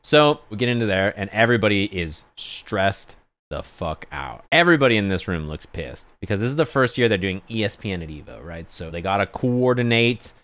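A man telling a lively anecdote on his stream in casual chat, sometimes acting out other people yelling. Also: fairly quick, dry recording. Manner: animated anecdote, acts out others yelling in high pitch.

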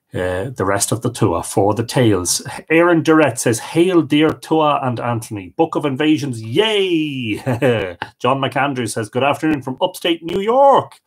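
An Irish man hosting a live stream, reading out viewer comments and greeting each person, sometimes stumbling over unfamiliar names. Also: mid-range voice. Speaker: host of a live storytelling stream.

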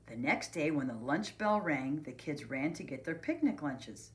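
A woman who is a preschool teacher reads a picture book aloud to children, expressive and speaking to them directly. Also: deep voice, normal speed.

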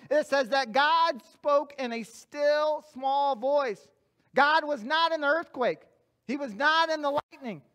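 A man with a strikingly high voice preaches a sermon as a guest pastor. He is earnest and emphatic, often repeating phrases for weight, and drops in self-deprecating humor as he tells personal stories. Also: fairly bright tone.

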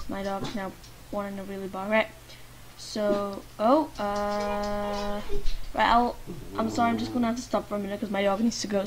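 A fairly high-pitched woman from Lithuania, speaking with a Lithuanian accent, provides chatty life-sim commentary for her gaming YouTube channel. She talks back to the game characters, alternating quiet muttering with loud protests, as faint game music plays.

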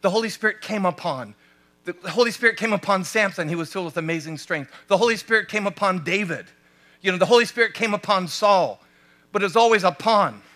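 Bright high-voiced American male pastor. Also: brisk. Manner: animated, rhetorical questions to the congregation. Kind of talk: sermon.

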